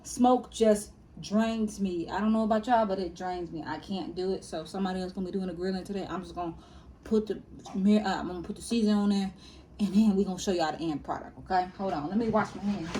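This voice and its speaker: A woman's voice: mid-range voice, fast, mellow, slight background noise. A woman, chatting casually to her viewers as she cooks in her home kitchen and calls them y'all and baby. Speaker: cooking vlogger. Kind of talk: casual cooking tutorial.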